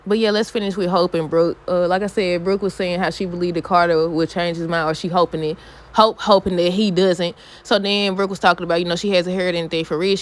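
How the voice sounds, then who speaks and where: A woman recapping a soap episode for viewers in a chatty, animated way, often laughing and quoting characters. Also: a little high, dry recording. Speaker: soap opera reviewer. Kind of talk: casual recap talk to viewers.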